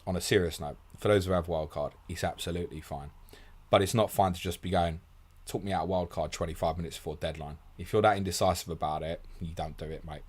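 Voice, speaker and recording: A man hosting a fast live Q&A, blunt and casual, calling listeners mate, with a sore throat and short of sleep. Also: low-pitched, fairly even intonation, breathy edge. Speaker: host answering viewer questions.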